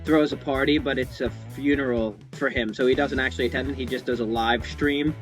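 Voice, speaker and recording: A man's voice: mid-range voice, fairly even intonation, a little fast, soft background music. A man chatting casually on a podcast, eager and talkative, with many fillers. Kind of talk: casual chat.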